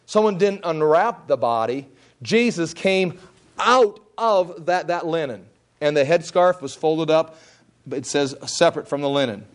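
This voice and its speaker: Guy with a high voice going through a bible passage, chatty, retells it in his own words, restarts a lot. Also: lively intonation, unhurried. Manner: retells scripture in his own words with restarts, briefly acting out the people's lines. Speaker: preacher teaching the Bible. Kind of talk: conversational Bible teaching.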